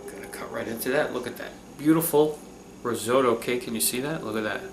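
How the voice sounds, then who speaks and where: A man's voice: mid-range voice, a little fast, echoey room, distant mic, slight background noise. A man hosting a cooking vlog, talking casually and enthusiastically through a recipe, often checking in with "okay?".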